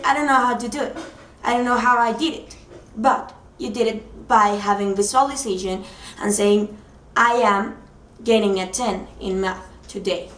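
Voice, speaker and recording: A woman's voice: mid-range voice, slight background noise. Earnest woman in a roomy space. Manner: earnest, explains with simple examples and gestures to size. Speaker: speaker giving motivational advice. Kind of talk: motivational talk. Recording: roomy sound from a distant mic.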